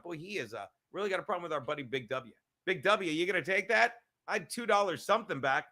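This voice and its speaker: Give me a high-pitched man hosting a show, ranting angrily and cursing as he repeats himself for emphasis. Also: lively intonation, quick pace, pushed and bright. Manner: angry, swearing constantly, emphatic repetition. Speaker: podcast host. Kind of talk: profane live-stream rant.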